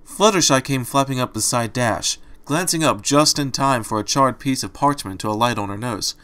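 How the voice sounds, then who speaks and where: A man's voice: medium pitch, moderate pace, fairly bright tone. A man reading fan fiction aloud, chatting in a rambling, self-deprecating way before narrating. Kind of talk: casual chat, then storybook narration.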